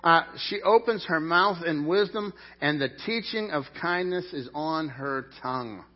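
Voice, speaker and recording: A middle-aged man preaching a sermon in an animated, jokey way, with sudden loud peaks. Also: fairly high pitch, a little slow. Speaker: pastor. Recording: dull lo-fi sound.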